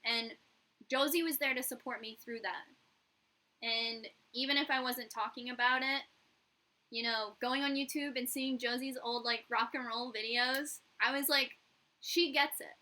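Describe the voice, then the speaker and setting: A woman's voice: fairly high pitch, steady tone, unhurried, pushed and bright, low-quality recording. A young woman, a YouTuber and hairstylist, telling a candid, profane story in a casual vlog and acting out the dialogue.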